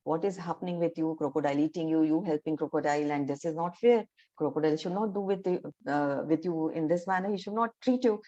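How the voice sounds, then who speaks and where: A sly, clever rabbit in a told fable, speaking with an Indian English accent in a mellow voice as a woman storyteller puts him on. The audio is dull and lo-fi, like an online call. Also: sits low, lightly acted. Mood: coaxing. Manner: plain storytelling voice with halting fillers. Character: clever quick-witted male rabbit.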